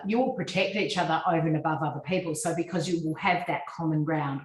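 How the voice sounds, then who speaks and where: An Australian woman, a guest speaker on personal branding, gives a fluent, instructive business presentation over a video call, with frequent ums. Her deep voice moves fast with hardly any pauses, in a reverberant, low-quality recording.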